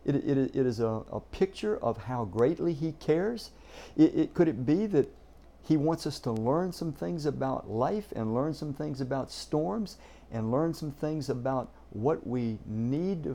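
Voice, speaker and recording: A man preaching a sermon, earnest and emphatic, often doubling a word as he starts a thought. His voice is warm and mellow in tone, with pitch in a middling range for a man. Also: gravelly. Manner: earnest, emphatic, repeats words when starting sentences. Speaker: pastor.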